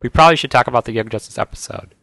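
A podcast co-host chats rapid-fire and with enthusiasm about cartoons, trading eager fan banter. His medium-pitched voice sounds pushed and bright, and the recording has no echo.

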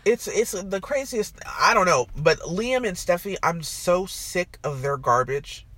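A woman's voice: fairly low pitch, expressive, a little slow, fairly bright tone, husky, no room sound. A woman co-hosting a podcast, chatting casually and ranting in exasperation about soap opera plots. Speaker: podcast co-host.

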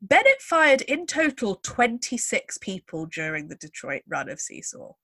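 A woman's voice: a little high, big pitch swings, measured pace, sharp tone, no echo. A woman hosting a podcast, telling a story in a chatty, wry way with lots of asides. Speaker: podcast host. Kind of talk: casual chat.

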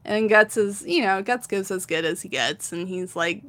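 A woman's voice: mid-range voice, moderate pace. A young woman in casual chat, animatedly retelling a manga story with lots of laughter and acted-out lines. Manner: animated storytelling, acts out characters' lines, frequent laughter and fillers. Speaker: podcast co-host recapping a manga.

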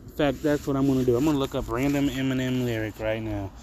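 Speaking fast in a steady, darkish mid-range voice, a podcast host rants from home, profane, heated and mocking. A little hiss or hum is present, and cars go by outside.

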